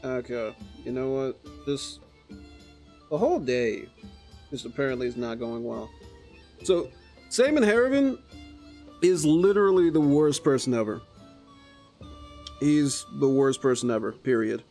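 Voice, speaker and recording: Excitable man streaming a game. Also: medium pitch, a little slow, long pauses, soft background music. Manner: chatty and excitable, jumping between mutters and gleeful outbursts. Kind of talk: casual gameplay commentary.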